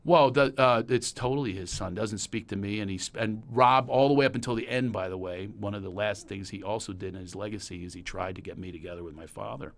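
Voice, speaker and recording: A man's voice: on the low side, fast, few pauses. Rambling storyteller man, Pennsylvania accent. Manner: rambling and storytelling, animated when recalling anecdotes. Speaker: podcast host. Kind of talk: casual chat.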